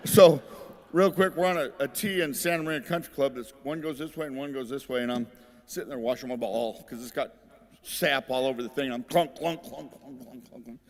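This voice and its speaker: A man's voice: mid-range voice, fairly even intonation, fairly quick, a little mellow. A middle-aged man giving a rambling, humorous acceptance speech, telling stories in a folksy way and laughing at his own jokes. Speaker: hall of fame inductee giving a speech. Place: large ceremony hall. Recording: long hall reverb.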